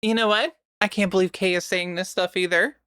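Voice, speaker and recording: A woman's voice: medium pitch, steady tone, a little fast, fairly bright tone, clean tone, no echo, studio quality. A woman filling in on a live stream, chatting casually in a rambling, sweary way with a sore throat. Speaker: stand-in streamer.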